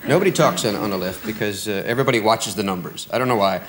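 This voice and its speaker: A man's voice: lowish voice, rapid-fire, fairly bright tone. A middle-aged American man, a comedian guest, telling rambling wry anecdotes with hesitations on a talk show. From United States. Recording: noisy broadcast with studio audience.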